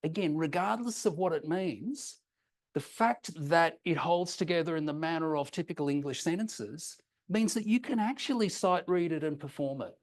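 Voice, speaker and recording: A man's voice: on the high side, moderate pace. Man giving an academic talk. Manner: explanatory, checks in with listeners; hesitant, frequent ums and restarts. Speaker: academic presenting a paper. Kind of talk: conference talk with slides.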